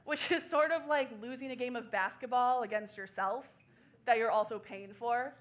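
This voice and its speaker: A woman in her twenties performing a solo comedy show on a small theater stage, laughing through quick self-deprecating asides. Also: on the high side. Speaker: stand-up comedian.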